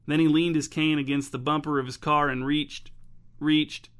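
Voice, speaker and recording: A man's voice: a little high, flat delivery, normal speed, fairly bright tone, natural voice. A man voicing an earnest young woman who tells her story through tears. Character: tearful, grateful young woman.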